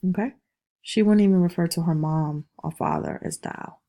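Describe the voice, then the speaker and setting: In this classroom lecture, a woman with a warm, lowish voice and some vocal fry speaks at a moderate pace. She taps out rhythms aloud and keeps checking that students follow with a repeated "okay?"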